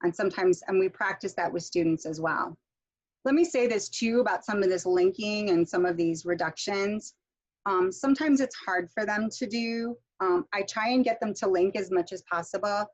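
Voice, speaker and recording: A woman's voice: medium pitch, moderate pace, dull audio. A woman instructor leading an online pronunciation workshop, demonstrating intonation with example sentences and a casual, filler-heavy manner that checks in with "okay?".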